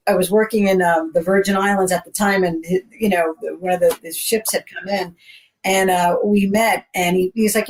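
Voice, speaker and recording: A woman co-hosting a podcast, telling a story in a rambling, animated way and acting out the dialogue. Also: medium pitch, low-quality recording. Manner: rambling, animated, acts out quoted dialogue, many fillers. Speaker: podcast co-host. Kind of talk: casual storytelling.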